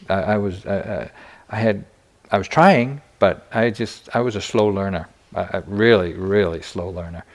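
An older man giving a meditation dharma talk, telling personal stories candidly with self-deprecating humor. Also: on the low side. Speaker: meditation teacher.

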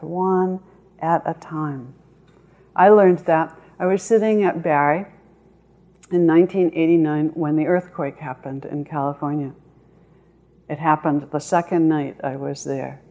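A woman meditation teacher gives a dharma talk to sitting students. Her voice is low, and her delivery is slow and measured, with long pauses between phrases. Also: darkish tone.

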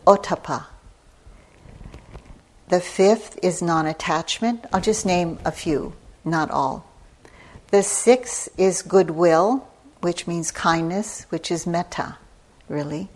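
An older woman gives a dharma talk in an unhurried, reflective way. Her voice sits a little low, and she speaks very slowly, with soft pauses between her thoughts. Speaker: meditation teacher. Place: retreat center hall.

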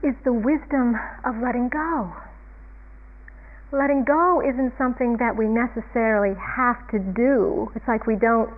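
A woman giving a reflective, unhurried Buddhist dharma talk as a meditation teacher, chuckling often. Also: on the high side. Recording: tinny phone-like line.

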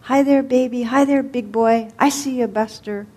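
A woman putting on a ragged old drifter, an elderly man who calls across a roadside diner in a raised, high voice. He is loud and friendly, with a rough, worn-down edge. He sits inside a story read aloud in the evening. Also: fairly even intonation, normal speed, natural voice. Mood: cheerful calling. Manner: calling out across a room.

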